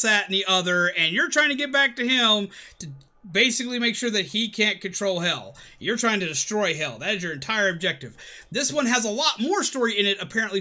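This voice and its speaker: Playful high-pitched male gamer. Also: pushed and bright. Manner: playful, talks to enemies, sing-song noises. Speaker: gaming streamer. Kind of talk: casual gameplay commentary. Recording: game music behind the voice.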